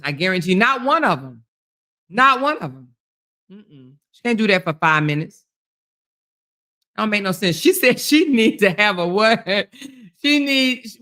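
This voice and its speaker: A middle-aged woman hosting a livestream, trash-talking with loud profanity and taunts while she exercises her arms. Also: medium pitch. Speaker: livestream commentary host.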